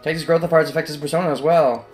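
A man's voice: on the high side, fairly even intonation, rapid-fire, faint music behind. Chatty sarcastic gamer man. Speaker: let's play host. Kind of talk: casual gameplay commentary.

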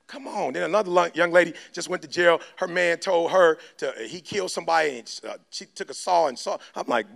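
Man, motivational speaker, high voice, gravelly edge, preachy, slangy. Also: brisk, few pauses. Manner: animated and preachy, slangy street talk, lectures the crowd. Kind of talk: fiery motivational speech.

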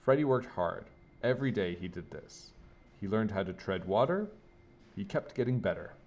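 A man reading a children's picture book aloud with gentle, lively narration. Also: on the low side, normal speed, highs cut off. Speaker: storybook reader. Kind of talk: children's story read-aloud.

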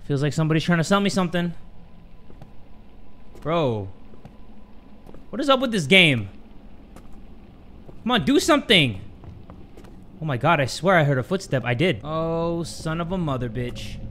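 A man doing let's play commentary as a gaming YouTuber, joking crudely and yelling at the game. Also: fairly high pitch, very animated, moderate pace, pauses often.

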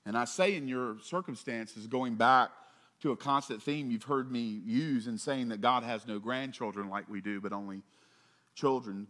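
A pastor delivering a sermon in a conversational way, with asides, swelling for emphasis and dropping soft on key points. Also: male voice. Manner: conversational preaching with asides and quick jokes; rises in pitch and volume for emphasis, drops low and soft on closing points.

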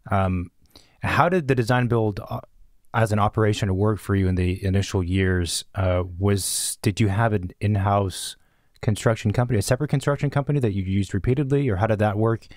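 A man with a lowish voice hosts a podcast and poses careful questions that hedge as they go. The sound is dry and close, with no room around it. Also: a little mellow, no echo. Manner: measured, hedging questions. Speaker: podcast host. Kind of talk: interview questions.

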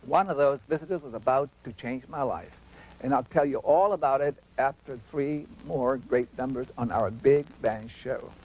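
A man in his sixties from Texas, hosting the show and telling his life story in measured, scripted narration. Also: medium pitch, a little mellow, rough recording. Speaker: host.

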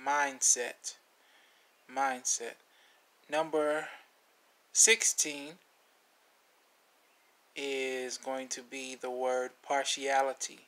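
A man hosting a vocabulary video, naming each word, spelling it letter by letter and repeating it, with relaxed asides. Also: medium pitch, very slow, long pauses. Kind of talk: slow spelling lesson.

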